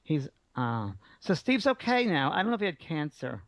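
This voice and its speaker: A man hosting a radio call-in show as a psychic medium, giving a caller warm, reassuring messages. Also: a little high, very animated, moderate pace, no echo. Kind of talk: call-in reading. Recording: dull lo-fi broadcast audio.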